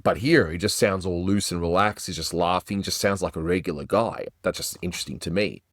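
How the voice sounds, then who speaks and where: A man's voice: sits low, brisk. A man hosting an animation review, talking in a chatty, enthusiastic way. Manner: enthusiastic, chatty, does little voice impressions. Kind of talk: casual review commentary.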